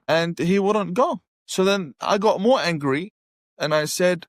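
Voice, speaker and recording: A man telling his personal testimony in an animated storytelling way, repeating phrases for emphasis. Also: on the high side, normal speed, dry recording, studio quality. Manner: animated, acts out his own past reactions; emphatic repetition. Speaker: guest sharing a conversion testimony.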